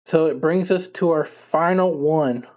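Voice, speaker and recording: A man's voice: a little high, a little slow, a little mellow, lo-fi sound. A man hosting a casual online talk show, asking questions in a laid-back, conversational way. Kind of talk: casual podcast chat.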